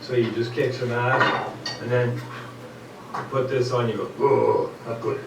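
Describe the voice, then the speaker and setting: An older man giving a casual step-by-step woodworking demonstration at a club meeting. He explains patiently, stumbles over and repeats words, and clears his throat now and then. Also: medium pitch, level tone, unhurried. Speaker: club presenter. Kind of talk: casual hands-on demonstration talk. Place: club meeting room, indoors. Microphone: room mic far from the speaker. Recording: echoey, distant, noisy room recording.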